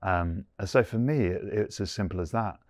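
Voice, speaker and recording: Low-voiced man, earnest and reflective. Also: normal speed, darkish tone, no echo, studio quality. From England. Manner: earnest, thinks aloud, many "you know" fillers. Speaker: guest, former rugby player. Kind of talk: reflective interview conversation.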